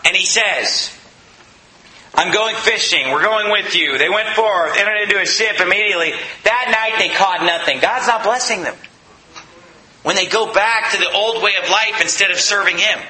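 A man's voice: high voice, moderate pace, pushed and bright, roomy sound, poor audio. A man preaching a sermon in an emphatic, conversational way, asking the listeners questions.

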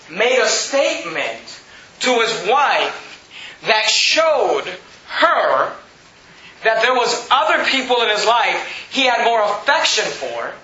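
A male preacher gives a sermon in a church, reading scripture aloud and unpacking it in plain talk with frequent self-corrections. His voice is high and bright. The recording is muffled and lo-fi, with an echo that fills the room. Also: slight background noise. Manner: halting restarts and self-corrections. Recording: echoey, dull lo-fi room recording.

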